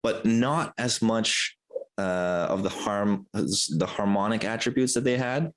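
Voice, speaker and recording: A man's voice: lowish voice, slow. A man co-hosting a podcast, talking loosely and casually with lots of filler words. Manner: loose, filler-heavy talk with many "like" and "um". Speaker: podcast co-host. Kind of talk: casual review chat.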